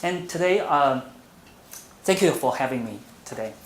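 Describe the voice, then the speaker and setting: A man's voice: on the high side, lively intonation. Man giving a lecture in a roomy hall. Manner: measured, with frequent "uh" and restarts. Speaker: visiting academic speaker. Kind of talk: academic presentation. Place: university lecture room. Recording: roomy hall sound, faint hum.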